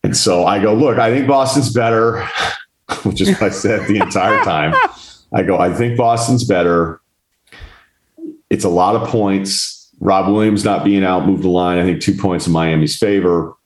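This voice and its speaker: A man's voice: low voice, moderate pace, echoey room. A man hosting a podcast, telling a long story in casual chat, acting out the people in it and swearing freely. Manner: animated, mimics others in quotes, swears. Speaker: podcast host.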